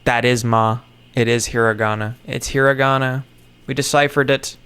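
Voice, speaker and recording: A man's voice: medium pitch, steady tone, normal speed, fairly bright tone, smooth. A man thinking aloud to himself in casual solo commentary, muttering, sarcastic and swearing offhandedly. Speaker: content creator. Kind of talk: casual solo commentary while puzzling something out.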